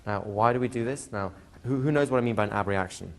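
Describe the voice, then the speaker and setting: A man teaching a hypnosis class to a live audience, talking in a relaxed way and slowing into soft hypnotic suggestions. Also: on the low side, creaky. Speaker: hypnosis trainer. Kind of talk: live training lecture. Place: training room with a seated audience.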